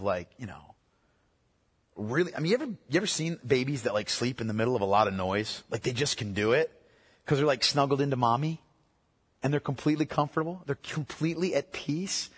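A man preaching a sermon in a conversational way, moving between hushed, slow passages and emphatic, urgent ones. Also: medium pitch, expressive, slightly rough. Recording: echoey hall with long reverb.

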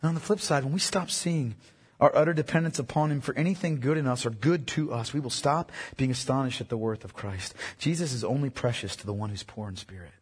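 A pastor preaches a sermon with emphasis, repeating key lines and putting questions to his listeners. His medium-pitched, slightly rough voice moves fairly quickly, and a long hall reverb trails behind it.

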